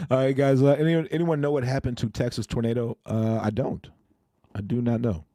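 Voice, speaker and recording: A man's voice: medium pitch, moderate pace, warm tone, dry recording, studio quality. A man hosting a casual live stream, laughing often as he greets and answers his chat. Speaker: crypto live-stream host.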